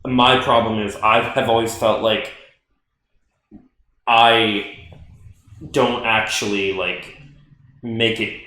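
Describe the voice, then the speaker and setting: A man's voice: lowish voice, level tone, slow pace, pauses often, sharp tone. A young man co-hosting a podcast, chatting loosely and joking, with many filler likes. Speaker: podcast co-host. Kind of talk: casual chat. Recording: very echoey room.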